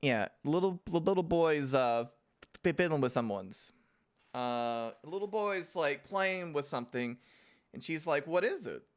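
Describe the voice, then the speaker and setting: A man's voice: on the high side, expressive, measured pace, smooth. A man recapping a TV episode in a rambling, casual livestream, with many fillers and restarts. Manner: laughs and swears casually. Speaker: TV show reviewer.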